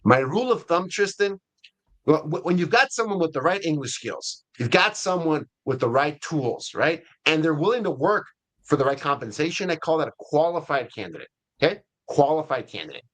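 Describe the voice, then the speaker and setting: Chatty man with a fairly high voice. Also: expressive, moderate pace, fairly bright tone. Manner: conversational, checks in with frequent "right?" and "okay?". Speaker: guest, CEO of an ISA staffing firm. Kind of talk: webinar interview, casual explaining.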